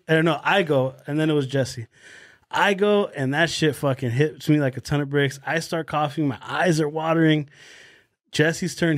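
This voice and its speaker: Animated young man telling a rowdy story. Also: a little high, dry recording, clean studio sound. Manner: animated storyteller, swears freely, laughs through his story. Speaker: podcast co-host. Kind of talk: casual podcast chat.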